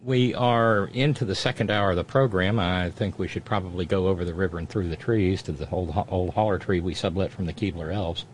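A man's voice: low voice, fairly even intonation, a little fast, few pauses, a little hiss or hum. A man hosting a live talk show. He reads listener comments and jokes wryly between them, with fillers and asides. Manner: wry and joking, with fillers and asides. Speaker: radio talk show host.

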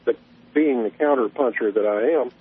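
A man calling in to a radio show, telling a story in a folksy, unhurried way. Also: mid-range voice, slightly rough. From Southern US. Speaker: caller. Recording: tinny phone line.

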